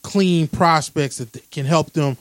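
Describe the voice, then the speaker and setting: A man in casual chat, recounting a news story in a measured way with street slang. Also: on the high side, a bit bright, dry recording.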